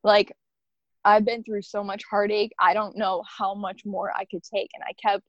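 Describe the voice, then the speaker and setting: Here a woman recounts her own experience with sincerity, wandering off track and leaning heavily on "like" as filler. Her mid-range voice barely moves in pitch and keeps a normal speed, captured in a dull lo-fi recording with no echo.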